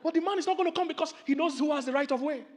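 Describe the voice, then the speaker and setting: A middle-aged Nigerian man preaches with a high, lively voice. He tells animated stories, calls questions out to his listeners and acts out loud voices as he goes. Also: rapid-fire. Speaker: pastor. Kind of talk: sermon.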